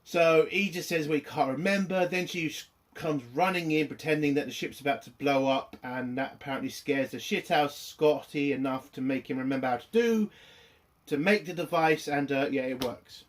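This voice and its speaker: A man's voice: fairly high pitch, moderate pace. A young British man with a British accent giving a casual, sweary spoken TV review full of fillers. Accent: British English. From Britain. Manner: sweary, ranting, lots of fillers. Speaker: TV review host.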